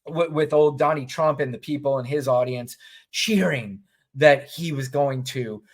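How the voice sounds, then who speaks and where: Male podcast co-host, mid-pitched, sardonic and blunt, animated storyteller. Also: unhurried. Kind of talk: opinionated casual commentary.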